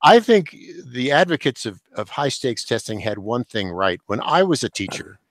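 An older man speaks as an interview guest, laying out his points in a measured, explanatory way. His voice sits at an ordinary middle pitch. The sound is dry and close, with no room echo. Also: big pitch swings. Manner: measured, explanatory, occasional chuckle. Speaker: guest, education professor and author. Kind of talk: thoughtful interview answers.

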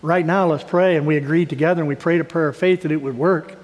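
A man's voice: fairly high pitch, fairly even intonation, quick pace. A middle-aged man pastor giving a sermon, talking conversationally and building to emphatic, raised passages. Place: church sanctuary. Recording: long church hall reverb.

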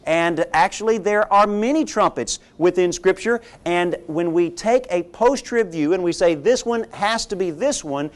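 Emphatic high-voiced man preaching. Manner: emphatic, rhetorical, frequent "okay?" check-ins. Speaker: pastor. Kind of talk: sermon.

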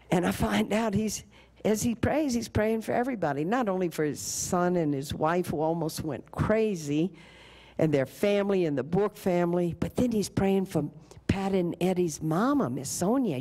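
An older woman giving a storytelling lecture at a college, animated, slipping into the voices of the people in her story. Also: lowish voice. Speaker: keynote speaker.

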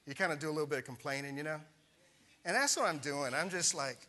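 A man's voice: a little high, fast talker, pushed and bright. A middle-aged male pastor preaching a sermon, telling a personal story in a conversational way and asking the congregation questions.

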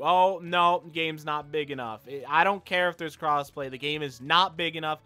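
A young gaming video creator rants over his gameplay, frustrated and swearing often, frequently repeating and restarting his phrases. His voice sits on the high side, pushed and bright, at a moderate pace.

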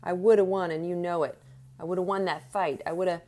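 A woman reading aloud voices a hot-tempered young male boxer who shouts indignantly. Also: low-pitched, lively intonation, brisk. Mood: furious.

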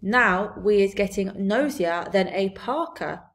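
A woman voicing a huge, soft-hearted old male giant who talks with muddled grammar. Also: mid-range voice, slow. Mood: playful.

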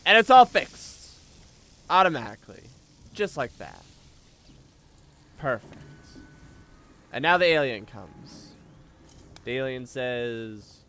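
A young man streaming a video game with casual commentary. He swears freely and breaks into loud, excitable outbursts. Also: mid-range voice, takes it slowly, pauses often, clean tone.

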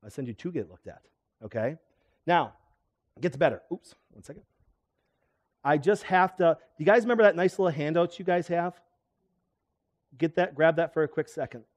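A middle-aged man, a chiropractor, giving a lively seminar talk and quizzing his audience with questions. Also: fairly high pitch, moderate pace, long pauses, highs cut off. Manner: animated, asks the audience questions. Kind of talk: live seminar lecture to an audience.

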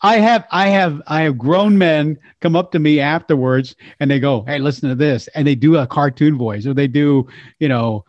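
Older male storyteller, animated and playful, raised pitch, dull lo-fi dry sound. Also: normal speed, no room sound. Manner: lively, slips into character voices. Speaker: voice actor and impressionist guest.

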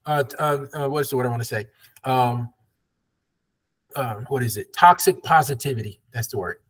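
A man's voice: mid-range voice, normal speed, fairly bright tone. A man from the American South leading an interactive Bible study as pastor, conversational and affirming, drawing call-and-response.

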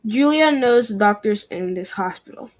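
A woman's voice: medium pitch, animated, moderate pace. A young adult woman chatting casually in a language-learning vlog, talking through her practice and correcting herself as she goes. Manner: chatty, self-correcting, repeats practice phrases aloud.

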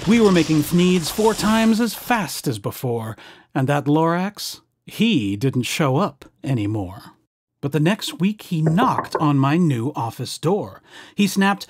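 A man's voice: a little high, sing-song, slow pace, husky, no room sound, studio quality. A man reading a rhyming children's book aloud with a bouncy, rhythmic delivery. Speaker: storyteller.

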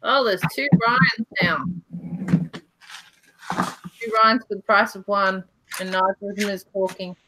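A woman's voice: mid-range voice, measured pace, pauses often, background noise. A woman with an Australian accent hosting a casual livestream from her couch, chatting and reading out viewer questions. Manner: chatty, reads out viewer questions, laughs often. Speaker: livestream host. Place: home couch.

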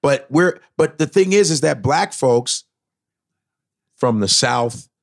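A man's voice: medium pitch, takes it slowly, gravelly, dry recording, studio quality. A man in casual podcast chat as the guest comedian, emphatic and profane, slipping into mimicked voices. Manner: animated, breaks into mimicked voices.

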